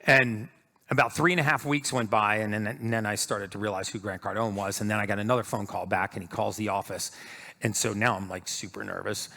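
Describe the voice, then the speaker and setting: A man tells a story on stage in a bright, forceful voice. He acts out each line of dialogue, lifting his pitch for the people he quotes. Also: fairly quick, gravelly. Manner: animated storyteller acting out quotes. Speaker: speaker. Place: stage before an audience.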